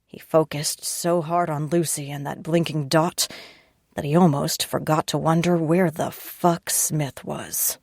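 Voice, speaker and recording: A woman narrating a third-person audiobook in a steady, gritty way. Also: sits low, a little slow, no echo, clean studio sound.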